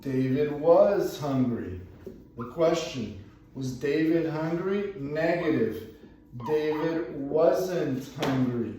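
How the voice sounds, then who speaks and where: Slow-talking man teaching in an echoey room. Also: a little high, darkish tone, distant mic, slight background noise. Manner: slow, repeats phrases, moves around the room. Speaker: English teacher. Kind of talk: classroom grammar lesson. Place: classroom. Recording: echoey room, voice from away from the mic.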